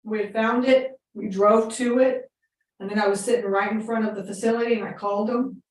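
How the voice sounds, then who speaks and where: A woman's voice: medium pitch, fairly even intonation, fairly quick, echoey room, far from the mic, low-quality recording. A woman coaching on real estate investing, telling a story in a chatty, casual way full of fillers and quoted dialogue.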